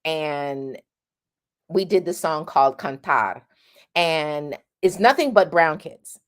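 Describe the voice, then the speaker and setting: A woman's voice: low voice, expressive, slow pace. A middle-aged woman giving a chatty singing lesson, often checking in with "right?" and demonstrating sounds. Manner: demonstrates sounds mid-sentence. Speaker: singing teacher. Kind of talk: casual vocal lesson.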